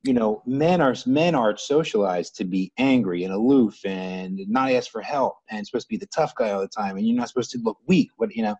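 A man's voice: on the low side, expressive, fairly quick, few pauses, a little mellow, breathy edge, dry recording, lo-fi sound. An American man talking through his views in a loose, reflective way, with many restarts and fillers. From United States. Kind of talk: casual conversation.

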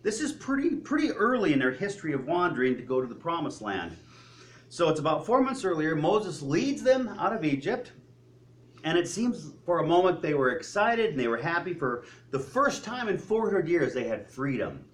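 A man preaching a sermon, telling stories with joking asides and animated retellings. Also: a little high, normal speed, slight background noise. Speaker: pastor.

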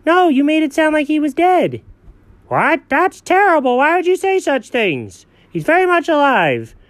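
A man voicing an excitable, easily alarmed pet with a high voice. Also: moderate pace, no echo, exaggerated voice. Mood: scolding.

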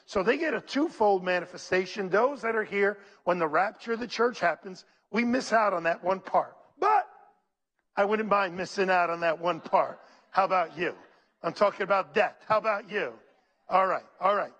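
A man's voice: sits high, normal speed. A man preaching a sermon, calling out to his congregation and reading scripture aloud. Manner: animated, preacherly, calls out to the congregation. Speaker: pastor.

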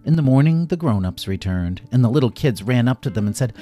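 A man narrating a children's story in an animated way, acting out every character himself. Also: medium pitch, fairly quick, hardly any pauses, faint music behind.

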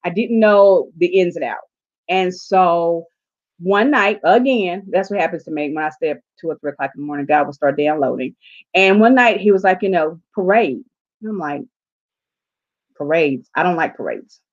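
Over lo-fi sound, a woman with a lowish voice talks briskly. She's a southern U.S. life coach sharing her story in an interview, lively and acting out what she said in quotes.

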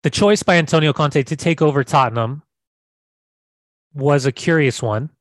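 A man's voice: on the high side, normal speed, no echo. A man co-hosting a casual football podcast, brash and emphatic, swearing casually. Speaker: podcast co-host.

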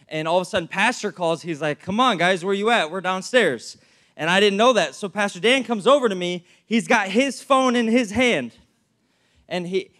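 A young man preaching as a pastor, animated and storytelling, with frequent fillers. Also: sits high. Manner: animated, acts out anecdotes, many fillers. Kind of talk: sermon with storytelling.

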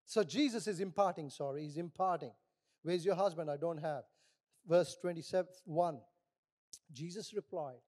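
A middle-aged male pastor preaching a sermon, animated, acting out little voices in his stories. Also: high-pitched, moderate pace.

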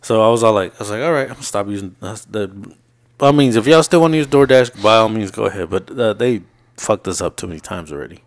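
A man's voice: lowish voice, fast talker. A man co-hosting a podcast, telling long stories from his week in casual, profane chat and acting out what people said. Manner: profane, animated retelling with laughs. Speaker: podcast co-host.

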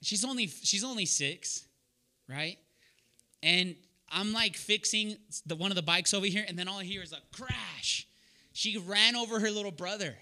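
Man, sermon, high voice, very bright and forceful, earnest personal storytelling. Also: moderate pace. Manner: calls on listeners by name and asks them questions. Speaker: preacher leading a young adults Bible study.

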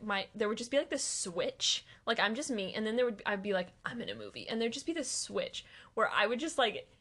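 A woman's voice: fairly high pitch, fairly bright tone. A young woman chatting casually with a friend, rambling with many fillers and frequent laughter. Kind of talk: casual chat between friends.

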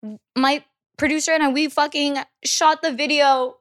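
A young woman musician talking as a podcast guest. She is blunt, profane and animated in how she tells her story. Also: high voice, moderate pace. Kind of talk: casual podcast interview.

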